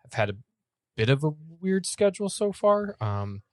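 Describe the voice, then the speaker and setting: A man's voice: high voice, very animated, moderate pace, a little mellow, dry recording, clean studio sound. A man co-hosting a soccer podcast in casual chat, often stumbling and repeating words. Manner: stammering repeats, puts on a comic German accent. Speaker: podcast co-host.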